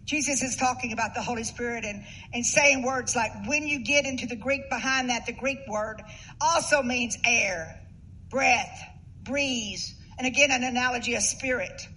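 A woman's voice: on the high side, normal speed, sharp tone, a little hiss or hum, rough recording. A woman preaching a sermon, earnest and rising to emphatic bursts.

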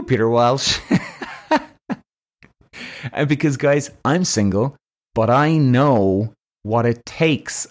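A man, possibly, hosting his own podcast as a casual monologue, speaking bluntly with plenty of swearing and animated emphasis. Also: medium pitch. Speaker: podcast host.

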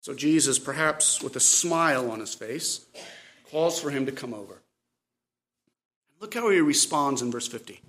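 A man preaching a sermon, swinging from loud cries to quiet asides. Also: medium pitch, expressive, normal speed, pauses often. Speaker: pastor.

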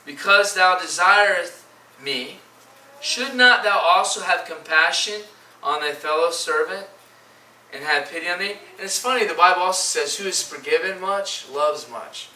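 Male preacher, slightly high voice, halting and repetitive, recorded from a distance. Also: pushed and bright, a little hiss or hum. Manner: halting, repeats words, reads scripture in old-style phrasing. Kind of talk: sermon. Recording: echoey room from far off.

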